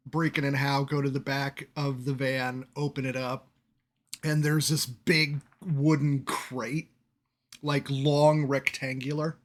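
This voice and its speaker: A man's voice: mid-range voice, little pitch movement, measured pace. A man narrating as game master of a tabletop game, chatty and laughing often as he describes the scene.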